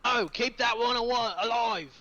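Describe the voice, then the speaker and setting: A man's voice: high-pitched, animated, slow pace, sharp tone, highs cut off, voice pushed up, exaggerated voice. A man voicing Stinksack, a jittery, suspicious male creature in a tabletop game, who barks his lines. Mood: urgent. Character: gruff nervous goblin-like male creature Stinksack.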